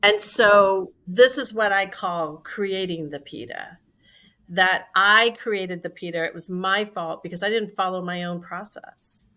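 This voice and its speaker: A woman in her sixties, a company CEO, telling a lively story in conversation and acting out the quoted dialogue. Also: mid-range voice, measured pace.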